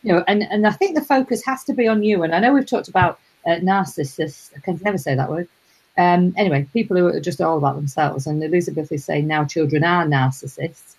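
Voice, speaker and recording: A middle-aged woman hosting a casual live chat, rambling warmly and greeting viewers. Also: lowish voice, creaky, slightly rough, rough recording. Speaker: host.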